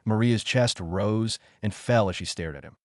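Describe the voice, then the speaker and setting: An audiobook narrator reads a fantasy story in a steady, even storytelling style. His voice is fairly low at a moderate pace, recorded with studio quality and no room sound.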